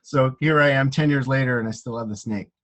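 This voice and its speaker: A man hosting a casual chat, talking in a reflective, halting way with many restarts. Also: mid-range voice, fairly bright tone. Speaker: host.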